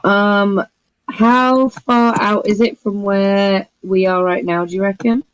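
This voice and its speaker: Female player, very slow, tentative, keyboard typing behind. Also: mid-range voice, little pitch movement, clean tone, dry recording, rough recording. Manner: slow, tentative, thinking aloud. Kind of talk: in-character tabletop chat.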